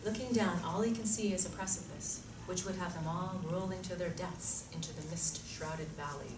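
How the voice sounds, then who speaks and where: Woman narrating in a low voice. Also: fairly even intonation, normal speed. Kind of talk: scripted narration of a screenplay. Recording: echoey room from far off, noisy.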